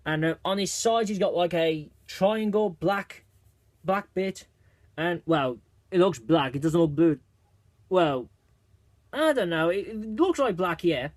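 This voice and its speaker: A man reviewing a movie trailer in a casual video, talking excitedly in a rambling way with lots of restarts and fillers. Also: high voice, a little slow, no echo.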